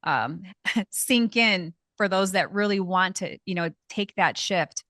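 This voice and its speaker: An enthusiastic woman host on a podcast, affirming her guest and leading into the next question. Her voice sits at a middle pitch. The sound is dry and close. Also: slow, a bit bright, dry recording. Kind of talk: podcast interview.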